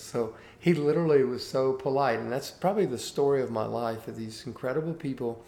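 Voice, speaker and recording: A Cuban-born man in his sixties, with no accent, tells stories from his life as an interview guest in an earnest, animated way. His mid-range voice moves briskly with hardly any pauses, and the room echoes over a faint hiss.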